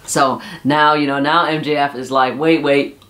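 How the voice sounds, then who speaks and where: A man's voice: fairly high pitch, fairly even intonation, normal speed, sharp tone. A man casually recapping a wrestling episode, rambling with lots of "uh" and "you know.". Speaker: wrestling show reviewer.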